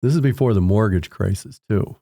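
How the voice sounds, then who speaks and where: A man in his sixties speaks in a low, mellow voice as a podcast guest, winding through long anecdotes full of restarts. His voice sounds dry and close, with no room sound behind it. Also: fairly quick, gravelly, dry recording. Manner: rambling anecdotes with frequent restarts, acting out quoted people in raised voices. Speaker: podcast guest, home inspector. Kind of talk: casual storytelling interview.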